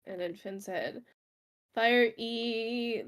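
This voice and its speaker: Slow, rambling woman player. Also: on the high side, a bit bright. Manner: rambling, thinking aloud, joking. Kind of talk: casual tabletop chat. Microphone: home mic on a video call.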